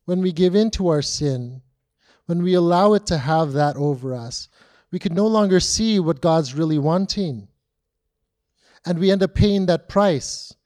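High-voiced preacher telling a story dramatically. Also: male voice, animated, measured pace. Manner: dramatic storytelling with drops to a hush. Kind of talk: sermon.

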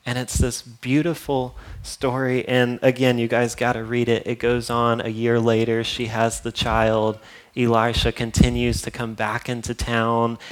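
A man's voice: mid-range voice, completely flat delivery, a little slow. A man preaching a sermon, retelling a Bible story in a casual, conversational way with asides to his congregation. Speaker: pastor.

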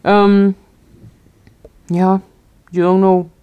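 A woman co-hosts a podcast in relaxed, casual conversation. Her voice sits in an ordinary middle range. She rambles through thoughts with fillers and breaks into laughter often. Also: mid-range voice, drawn-out words, clean tone, lo-fi sound. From outside Germany. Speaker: podcast co-host. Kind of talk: casual chat.

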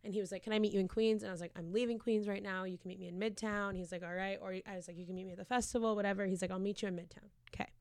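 A woman's voice: mid-range voice, fairly even intonation, racing, hardly any pauses, darkish tone, no echo, clean studio sound. A young woman in her twenties telling a long, rambling story in casual chat, swearing freely and acting out quotes.

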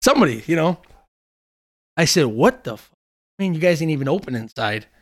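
A man with a slightly high voice tells long stories in casual chat, swearing often and getting worked up as he goes. He talks in an animated, loose way. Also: brisk. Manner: animated storyteller, swears freely.

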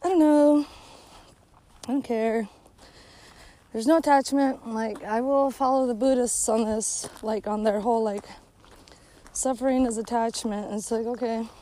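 A woman's voice: on the high side, warm tone, low-quality recording. Profane, sarcastic woman ranting outdoors. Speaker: vlogger. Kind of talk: casual ranting monologue. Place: outdoors on a hike by a lake.

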